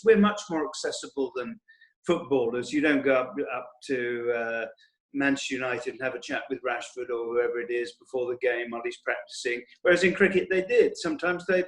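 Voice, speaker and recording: A man, a former cricketer chatting casually on a panel and telling anecdotes, often slipping into quoted voices. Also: mid-range voice. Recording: roomy echo.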